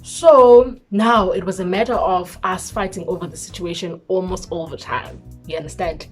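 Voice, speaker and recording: A young South African woman vlogger telling a personal story in an expressive voice, mixing in isiZulu words. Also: lowish voice, moderate pace, husky, soft background music. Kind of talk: storytime vlog.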